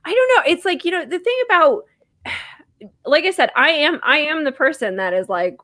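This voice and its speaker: A woman co-hosting a casual podcast, reading letters and chatting with a ready laugh. Her voice is high and bright. The sound is dry and close to the mic. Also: very animated, normal speed, no room sound. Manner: chatty, laughs often, reads listener letters aloud. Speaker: podcast co-host.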